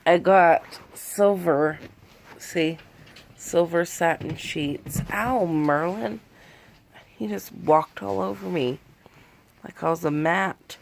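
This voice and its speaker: A woman's voice: sits low, slow, creaky. A woman in her thirties talking from bed into a phone in a rambling, candid confessional vlog, shaky and worn out after a panic attack. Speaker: vlogger. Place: in bed in a bedroom at home.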